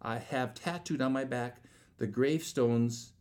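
Rambling man with a mellow voice. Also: medium pitch, unhurried. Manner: rambling, stumbling restarts, acts out quoted dialogue. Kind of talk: casual storytelling.

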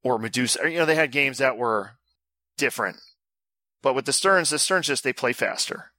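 A man's voice: mid-range voice, normal speed, sharp tone, no room sound. A man co-hosting a casual podcast, loose and joking, swearing freely. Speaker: podcast co-host. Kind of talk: casual chat.

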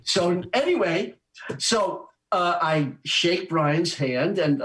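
An older man, a musician interviewed, telling a long anecdote in an animated way with chuckles and restarts. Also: high-pitched, slow, rough recording. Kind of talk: anecdotal storytelling.

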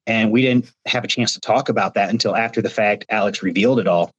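A man from Ohio tells his stories with lively hand-waving energy in a casual video-call interview. His voice is dry and close, with no room sound. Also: on the low side, fast talker, slightly rough, no room sound, lo-fi sound. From Ohio, United States. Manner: animated storyteller, gestures with his hands. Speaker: reality show contestant guest.

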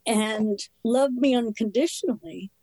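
A woman speaks candidly about her own past with a guest's earnest openness. Her voice sits on the higher side, and the phrases come short and halting. The sound is close and dry, with no room around it. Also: mellow, slightly rough, no echo, rough recording. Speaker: interview guest. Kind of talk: personal recovery story in conversation.

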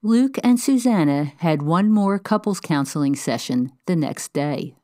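A woman narrating with a lowish, steady voice. She reads scripted lines in a measured, even way, bridging the parts of a true story. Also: music in the background. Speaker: host and narrator.

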